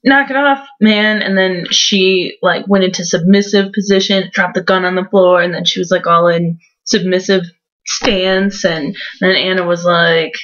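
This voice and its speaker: A woman's voice: on the low side, flat delivery, moderate pace, fairly bright tone. Sarcastic young woman recapping a book. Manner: mocking, sarcastic, heavy use of "like". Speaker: book reviewer vlogger. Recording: dull lo-fi home recording.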